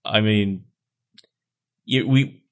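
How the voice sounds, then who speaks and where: A man's voice: fairly low pitch, drawn-out words. A man co-hosting a podcast in casual chat, telling stories and acting out quoted lines. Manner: animated storyteller, acts out quotes. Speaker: podcast co-host.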